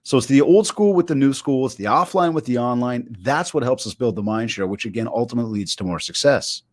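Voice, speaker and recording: A man talks through a video call in an eager, story-driven way, acting out quotes as he goes. His pitch sits mid-range and the sound is dry and close, with no room around it. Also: quick pace, no room sound. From Canada. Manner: animated storyteller, acts out quotes. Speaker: keynote speaker guest. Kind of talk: casual interview chat.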